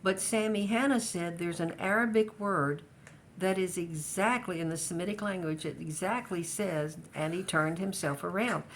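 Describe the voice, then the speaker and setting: Hesitant older woman, low voice. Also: moderate pace, slight background noise. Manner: hesitant, many restarts and fillers. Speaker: interviewee. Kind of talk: casual family interview.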